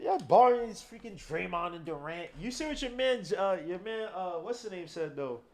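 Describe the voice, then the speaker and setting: A man's voice: high voice, sing-song, normal speed, hardly any pauses. Slangy trash-talking man on a podcast. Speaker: podcast host. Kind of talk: casual game watch-along commentary.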